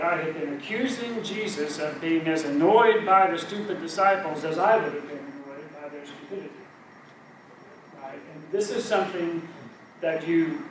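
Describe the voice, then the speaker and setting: In a church meeting room, a middle-aged man teaches a Bible study group in a conversational, self-deprecating way. He has a high voice. The recording is distant and echoey, with background noise.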